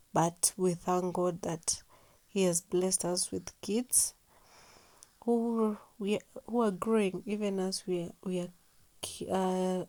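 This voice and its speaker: A young woman recording a relaxed, sleepy voiceover for her home cleaning video, soft-spoken and slipping into whispers now and then. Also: medium pitch, dry recording. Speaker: vlogger doing a cleaning voiceover. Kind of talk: casual voiceover narration.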